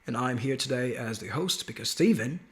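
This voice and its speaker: A man's voice: mid-range voice, expressive, a little fast, fairly bright tone, close to an everyday voice. A man voicing a male octopus plush toy with a put-on Australian accent, rambling and self-conscious as he hosts a faith video show. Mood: cheery.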